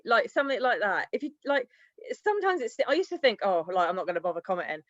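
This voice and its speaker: A woman's voice: a little high, sing-song, brisk, no echo. Bubbly woman on a video call. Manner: bubbly, rambling, laughs often. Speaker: guest sharing sales tips. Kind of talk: casual team-call talk. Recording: dry, dull lo-fi call audio.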